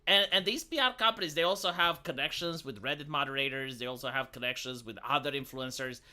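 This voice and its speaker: A man's voice: medium pitch, fast, pushed and bright. A man in casual live-stream chat, talking animatedly and dropping into mocking impressions.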